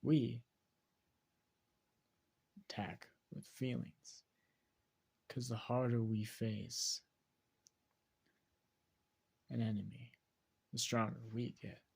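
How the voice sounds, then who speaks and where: A man voicing a calm, dry adult ninja teacher in a fan story. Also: mid-range voice, drawn-out words, vocal fry, long pauses, slightly rough, heavily acted.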